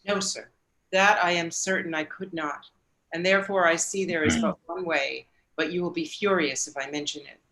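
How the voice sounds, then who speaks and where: A woman reading the part of a calm, resolute young woman in an audiobook, steady and restrained. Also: lowish voice, normal speed, voice pushed down, low-quality recording. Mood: firm.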